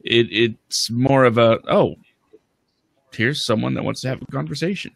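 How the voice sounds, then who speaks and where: A man's voice: medium pitch, a little fast, vocal fry, dry recording. A man on a panel speaks in a hesitant, reflective way about meeting people. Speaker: panel guest. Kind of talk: casual panel chat.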